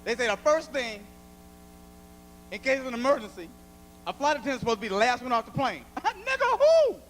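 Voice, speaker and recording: High-voiced animated stand-up comedian. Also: male voice, brisk, slight background noise, rough recording. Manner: loud animated storytelling, acts out voices. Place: comedy club stage.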